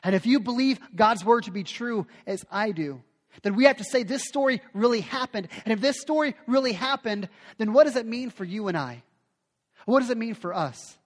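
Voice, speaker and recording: A man's voice: high voice, lively intonation, normal speed. A man preaching a sermon with emphatic delivery, often repeating phrases for effect. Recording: long hall reverb.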